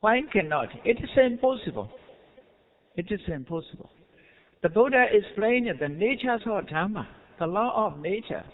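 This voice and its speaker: Burmese-accented monk teaching dharma, high smooth voice, sounds like it's over a phone line. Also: male voice, lively intonation, moderate pace. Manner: simple non-native English, frequent rhetorical checks and soft chuckles. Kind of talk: dharma lecture. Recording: tinny phone-like lo-fi recording.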